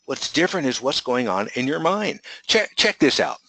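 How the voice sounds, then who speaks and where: Bright-voiced male coach teaching a webinar. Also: mid-range voice, normal speed, gravelly, dry recording, low-quality recording. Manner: energetic, rhetorical questions to the audience.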